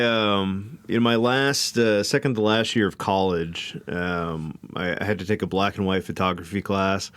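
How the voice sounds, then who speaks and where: A man co-hosting a podcast, recalling a memory in an unhurried, laid-back way. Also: on the low side, a bit bright, smooth, dry recording. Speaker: podcast co-host. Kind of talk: casual chat.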